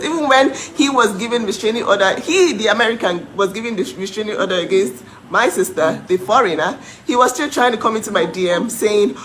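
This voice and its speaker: A woman's voice: on the high side, a bit bright, poor audio. Indignant woman ranting, mocking laughs. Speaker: vlogger. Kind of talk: heated live rant to followers.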